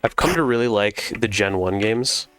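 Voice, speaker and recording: A man streaming a video game, chatting casually and relaxed with his viewers. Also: lowish voice, moderate pace, music in the background. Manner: relaxed, chatty, talks to chat.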